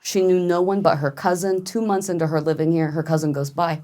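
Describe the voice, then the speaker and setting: A young woman with a low voice talks on a casual podcast. She tells stories with energy and acts out the voices of the people she quotes. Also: steady tone, fast talker, mellow. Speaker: guest artist.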